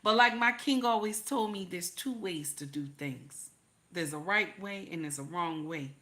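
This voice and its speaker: An older woman hosting a live stream, giving casual relationship advice to viewers; she is animated, repeats her points and drops to a low confiding voice for emphasis. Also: unhurried.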